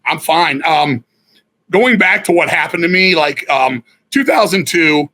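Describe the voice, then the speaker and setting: A middle-aged man, a guest musician, telling stories in a blunt, profane, animated way. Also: a little high, a little slow, low-quality recording. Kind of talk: casual storytelling interview.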